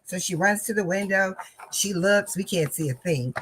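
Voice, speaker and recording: Animated woman telling a story, laughs a lot, kinda husky. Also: mid-range voice, moderate pace, poor audio. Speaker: crafting channel host. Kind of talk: casual storytelling.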